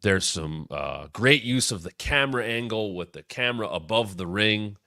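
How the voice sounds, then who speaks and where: A man's voice: lowish voice, lively intonation, normal speed, creaky, sharp tone, no echo, studio quality. A man in his thirties hosting a wrestling show, telling a storyline history in an enthusiastic, casual way with sudden bursts. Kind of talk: casual retrospective commentary.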